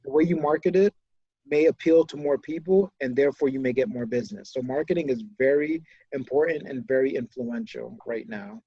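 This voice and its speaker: A man's voice: mid-range voice, a little fast, slightly rough, no echo. Enthusiastic man on a muffled podcast mic. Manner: enthusiastic, animated storytelling. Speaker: podcast co-host, business owner. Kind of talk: casual podcast conversation.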